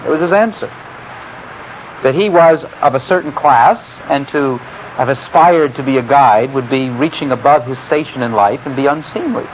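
A man's voice: a little high, a little fast. A man giving an informal Bible lecture, talking in a digressive, conversational way with asides and fillers. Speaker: Bible teacher. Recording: muffled lo-fi recording with faint hiss.

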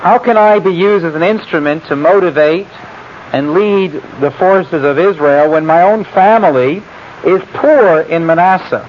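A man voicing a humble, anxious biblical farmer who pleads in a raised, slowed, earnest tone. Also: a little high, pitched above the performer's own voice, natural voice. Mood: pleading. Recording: muffled lo-fi recording with faint hiss.

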